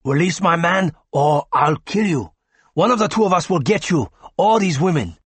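A man voicing a nervous young male gunman who shouts threats. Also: fairly high pitch, expressive, normal speed, breathy edge, no echo, voice pushed up. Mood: threatening. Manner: shouted, edgy.

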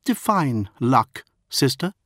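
A man's voice: medium pitch, sing-song, slow pace, fairly bright tone, dry recording, pitched above the performer's own voice, full character voice. A man doing a dry, worldly older woman officer. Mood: wry.

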